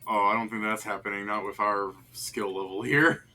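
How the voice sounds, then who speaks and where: A man chatting casually while streaming a video game, jokey and excitable, laughing often. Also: on the low side, normal speed. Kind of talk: casual gameplay chat.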